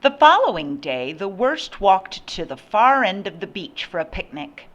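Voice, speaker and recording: An older woman reading a picture book aloud with slow, expressive storytelling. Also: mid-range voice, lo-fi sound, noisy background. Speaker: storybook reader.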